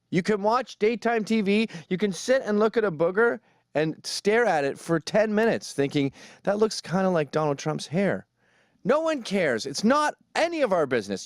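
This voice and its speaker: A man's voice: high-pitched, no room sound, studio quality. A man giving a sarcastic, ranting comedic commentary, mocking as he goes. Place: New York.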